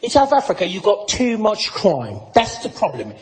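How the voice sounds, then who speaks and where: A smug, know-it-all British man, as a man acts him out, talking fast and over the listener. The voice sits fairly high, and the live stage recording has clear audience noise behind it. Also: wildly swooping pitch, a little mellow. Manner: smug, rapid lecturing tone.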